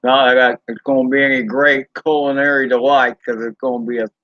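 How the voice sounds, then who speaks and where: A man with a Southern US accent chatting casually on a live stream, rambling and folksy with drawn-out fillers and mild swearing. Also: medium pitch, little pitch movement, no room sound, lo-fi sound. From Southern United States. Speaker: drone channel host reading live chat.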